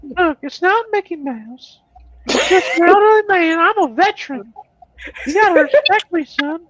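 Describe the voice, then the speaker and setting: A man's voice: very high voice, animated, moderate pace, fairly bright tone, no echo, voice pushed up, poor audio. A man imitating a creepy, frail elderly man with a quavering, wheedling voice.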